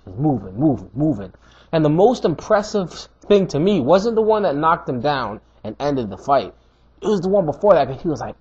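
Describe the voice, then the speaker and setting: Husky man, highish voice, animated slangy fight-review rant, dull lo-fi recording. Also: normal speed. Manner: animated, slangy, emphatic repetition. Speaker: MMA commentator.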